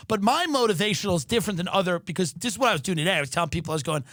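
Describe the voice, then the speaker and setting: A man delivers a sardonic comic rant in a fairly high voice. His pace jumps from rushed bursts to slow, stretched-out lines, and he sometimes shouts for effect. The sound is close and dry, with no room echo. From New York. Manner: sardonic, exaggerated, swings between quick bursts and drawn-out lines. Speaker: podcast host. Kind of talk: comedic monologue rant. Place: home studio in Los Angeles.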